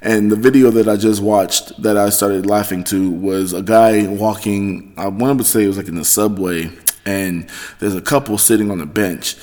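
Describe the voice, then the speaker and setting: A man hosting his own podcast, talking in a rambling, profane monologue that swings between loud excitement and low mutters. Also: normal speed. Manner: rambling, heavy swearing, self-correcting. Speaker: podcast host. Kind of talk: casual solo monologue.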